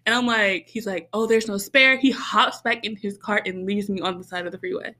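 A young woman casually telling a story, animated and laughing often as she acts out her own reactions, with lots of "like" and "bro". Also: medium pitch, a little fast. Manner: heavy use of "like" and "bro".

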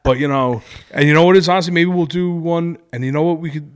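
A man's voice: a little high, fast talker, clear, resonant tone. A man, a podcast guest, chatting casually, joking around and rambling with lots of fillers. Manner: joking, rambling, fillers, talks over the host. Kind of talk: casual chat.

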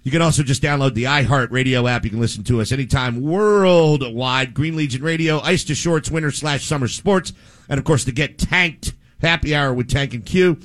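A man hosting a sports radio show in casual chat, energetic and joking, rambling through introductions. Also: medium pitch, normal speed.

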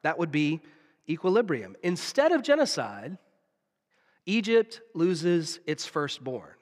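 A man from the preaching a sermon, telling stories with dramatic pauses and drops to a hush. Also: on the high side, very animated. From Southern United States. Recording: long reverb of a large hall.

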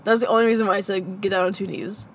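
A young woman co-hosting a podcast, casually telling lively stories and putting on playful voices. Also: mid-range voice, very fast, a little hiss or hum. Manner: animated storytelling with playful impressions. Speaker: podcast co-host. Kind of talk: casual chat.

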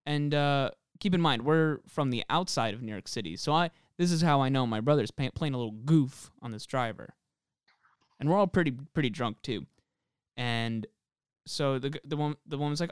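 A man's voice: medium pitch, normal speed, clear, resonant tone, no room sound, studio quality. A young man telling a story in casual comedic chat, acting out the voices of the people in it. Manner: animated storyteller, acts out voices. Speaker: podcast co-host.

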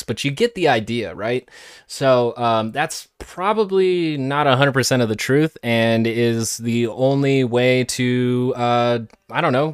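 A man's voice: medium pitch, clean tone, no room sound, studio quality. A man hosting a podcast, commenting sarcastically on played clips in a casual way. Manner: sarcastic, mocking impressions. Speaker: podcast host.

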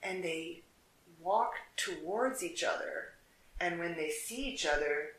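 A storyteller telling a folk tale in a relaxed, unscripted way, with fillers and restarts. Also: medium pitch, slow pace. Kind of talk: casual storytelling. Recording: echoey room.

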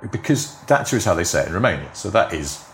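A middle-aged man, a television script editor, chatting as a guest and telling lively anecdotes with laughter. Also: low-pitched, quick pace, echoey room, slight background noise. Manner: chatty anecdotes, acts out quoted voices, frequent laughs. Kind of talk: casual conversational interview.

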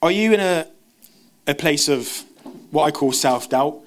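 A man preaching a sermon, talking fast with frequent restarts and stumbles. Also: fairly high pitch, lively intonation, a little hiss or hum. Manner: fast, stumbling, self-interrupting.

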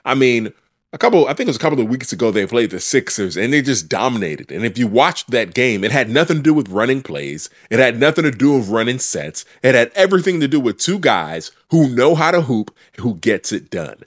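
A man's voice: medium pitch, sing-song, brisk. A man hosting a sports podcast, arguing his picks in an opinionated, teasing way. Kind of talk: casual sports debate.

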